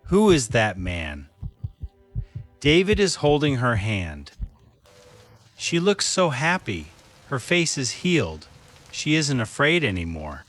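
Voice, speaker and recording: A man playing a remorseful young husband after a drunk-driving crash, in a slow scripted learner's story, pleading and desperate. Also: mid-range voice, a bit bright, slight background noise. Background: faint music.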